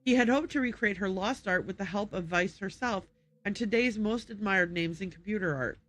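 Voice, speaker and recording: A woman's voice: medium pitch, moderate pace, fairly bright tone. Woman streamer reading game documents aloud. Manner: reads carefully, stops to correct and reread her slips.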